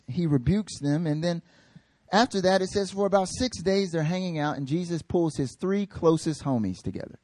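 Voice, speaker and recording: A man preaching a casual, joking sermon in an animated, slangy way. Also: a little high, no room sound.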